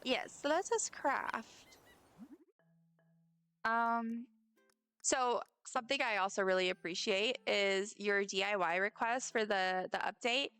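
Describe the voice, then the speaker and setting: A woman's voice: medium pitch, takes it slowly, a bit bright, clear, resonant tone, soft background music. A woman streamer chatting casually while playing a game, giggling and talking to the characters on screen. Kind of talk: casual gameplay chat.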